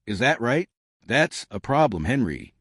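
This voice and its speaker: A man voicing a stern, calculating middle-aged boss who speaks in measured, pointed phrases. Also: medium pitch, very animated, a bit bright, no room sound, studio quality, exaggerated voice.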